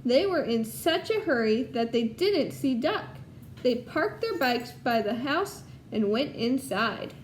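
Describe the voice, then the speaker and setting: Patient first grade teacher reading aloud, high voice, unhurried, echoey room. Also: female voice, animated, slight background noise. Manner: patient, explaining to young children. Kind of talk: recorded lesson with storybook read-aloud.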